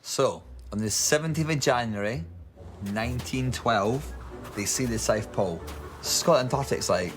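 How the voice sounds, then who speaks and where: A man's voice: on the low side, normal speed, over music. Drunk man telling a story. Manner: loose and slurring, swearing, jumping into loud silly character voices. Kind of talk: rambling drunk comic retelling of history.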